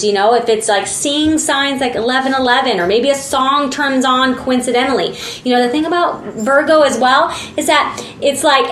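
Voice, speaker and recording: High-voiced woman giving a chatty tarot reading. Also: reverberant, a little hiss or hum. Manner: chatty, earnest, lots of fillers and acted asides. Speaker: tarot reader. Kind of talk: casual spiritual tarot reading.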